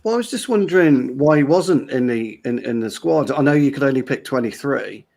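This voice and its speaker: A man's voice: medium pitch, animated, brisk, creaky, a little mellow. A man with a middling voice speaks hesitantly in a casual chat, stumbling over words. He sounds mild and unsure.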